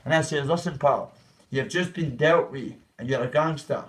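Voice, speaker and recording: A vlogger with a fairly high pitch and moderate pace rambles through a profanity-laced story for his livestream viewers. He performs the voices of the people he quotes, and he's positioned a bit far from the mic.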